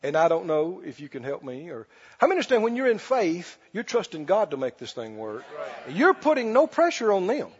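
A man's voice: high-pitched, sing-song, fairly quick, slightly rough, lo-fi sound. A man preaching a sermon as pastor, telling a story, then leading a fervent prayer and praise.

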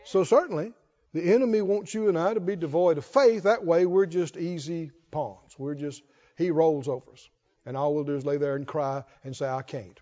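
A male pastor preaches with a high-pitched voice, trading call and response with his congregation. He swings from quiet reasoning to loud cries. The recording is dull and muffled. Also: normal speed, in a large hall. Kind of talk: sermon.

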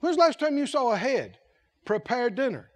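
A man's voice: very high-pitched, sing-song, normal speed. A man preaching a sermon as head of a ministry, emphatic and repetitive, asking the congregation questions and acting out quotes.

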